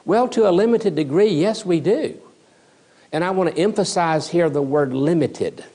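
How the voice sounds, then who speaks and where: A man's voice: on the high side, normal speed, mellow. A man giving a recorded theology lecture as a seminary teacher, emphatic and repeating key words for stress.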